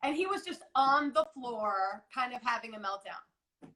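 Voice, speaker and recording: A woman in her forties talks earnestly over a video call in a high, bright voice. She rambles with many restarts. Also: lively intonation, unhurried, low-quality recording. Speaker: guest wellness coach. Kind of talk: casual live interview chat.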